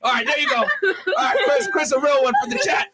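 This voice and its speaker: A man hosts a podcast in loud, teasing banter, often breaking into shouts. His voice is very high and swings up and down all over the place. Noise clearly hums under the recording. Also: very animated, quick pace. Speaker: podcast host.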